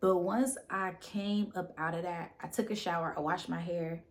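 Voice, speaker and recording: A woman with a notably low voice speaks casually and directly to her viewers about spiritual matters. She repeats phrases and keeps checking in with "right?", and she sounds emotional, close to tears. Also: fairly even intonation, normal speed. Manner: repetitive, often tags phrases with "right?". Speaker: spiritual content creator.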